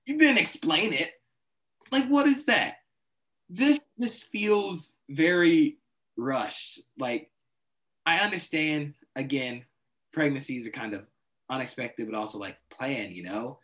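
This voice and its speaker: A man with a slightly high voice rants to his co-host about a wrestling storyline. He mimics his own stunned reactions and keeps circling back to his frustration. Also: expressive, takes it slowly, a bit bright. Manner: exasperated, acts out his reactions. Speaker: podcast co-host. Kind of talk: casual wrestling chat.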